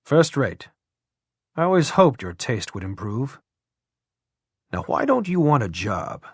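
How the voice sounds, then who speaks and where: A man's voice: mid-range voice, sing-song, unhurried, husky, no room sound, clean studio sound, full character voice. A man voicing a brusque older army colonel who talks in clipped, blunt commands with a dusty, throaty voice.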